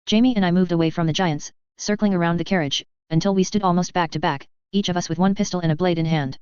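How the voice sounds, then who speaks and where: A woman narrating a novel in the first person, with steady, tense storytelling. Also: on the low side, quick pace, clean tone, dry recording. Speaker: audiobook narrator. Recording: slightly dull, dry close recording.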